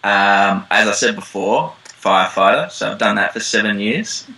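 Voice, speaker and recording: An Australian man, a young actor, chatting casually in an interview, relaxed and rambling with lots of ums. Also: fairly low pitch, moderate pace, low-quality recording. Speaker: actor guest. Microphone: call line.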